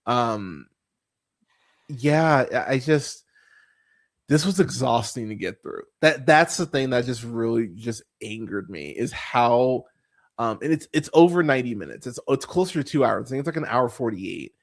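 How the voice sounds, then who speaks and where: A man's voice: medium pitch, expressive, normal speed. A man hosting a movie podcast, ranting casually about a bad film, swearing often and stumbling through fillers and restarts. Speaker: podcast host. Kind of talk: casual movie review rant.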